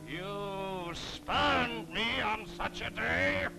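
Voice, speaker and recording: A man playing an aggrieved old male moneylender, declaiming slowly in a grand stage manner with sudden shouts. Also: high voice, expressive, creaky, music in the background, full character voice, poor audio. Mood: bitter, declaiming.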